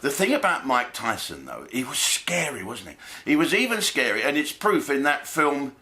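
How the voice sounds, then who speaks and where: Swearing comic with a bright voice. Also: male voice, medium pitch, big pitch swings, normal speed. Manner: blokey, swearing, jokey asides and put-on voices. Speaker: comedian host. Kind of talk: comic monologue to camera.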